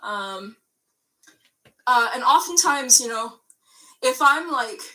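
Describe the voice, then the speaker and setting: A woman's voice: fairly high pitch, expressive, slow, sharp tone. A young woman talking casually as a YouTuber, rambling with many fillers and restarts into a computer mic. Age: young adult. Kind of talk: casual chat.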